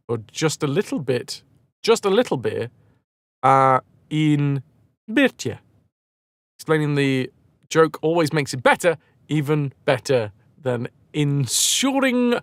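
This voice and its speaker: Live-streaming a game, a man with a higher-pitched voice chats casually with his viewers, rambling, mocking himself, and swearing freely. No echo is present.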